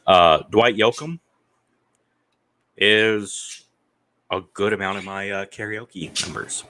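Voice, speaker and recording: Low-ish bright-voiced dude, blunt, swears constantly, dark jokes. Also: male voice, takes it slowly, low-quality recording. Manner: blunt, crude, dark humor, heavy swearing. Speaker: podcast guest. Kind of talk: casual chat.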